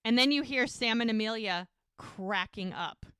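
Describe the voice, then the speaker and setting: A woman's voice: a little high, moderate pace, a bit bright, clear, resonant tone, no room sound. A woman co-hosting a podcast, casually retelling TV scenes and quoting the characters' lines. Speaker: podcast co-host recapping episodes. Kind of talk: casual recap chat.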